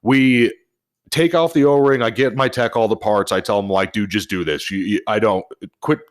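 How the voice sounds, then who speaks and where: A man co-hosting a casual podcast, telling a repair-shop story in an animated, profane way. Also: lowish voice, moderate pace. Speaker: podcast co-host, service advisor.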